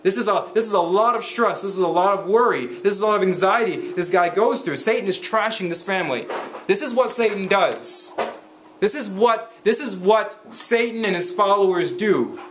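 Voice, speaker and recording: A man's voice: high voice, noisy background. A man preaching a sermon as pastor, reading scripture and explaining it, often restarting his sentences with fillers. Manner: halting, many restarts and fillers. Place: church. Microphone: handheld camera recording.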